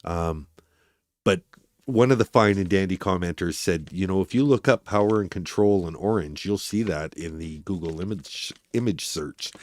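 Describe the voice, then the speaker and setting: A man's voice: low-pitched, moderate pace, a little mellow, dry recording. A man hosting a true crime livestream, chatting casually and rambling as he talks to his viewers.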